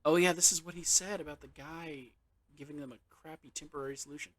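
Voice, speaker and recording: A man's voice: fairly high pitch, steady tone, fast. A man casually talking to himself while playing a video game, rambling and joking. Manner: rambling, jokey muttering to himself. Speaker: game streamer. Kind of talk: casual let's-play commentary. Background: video game ambience.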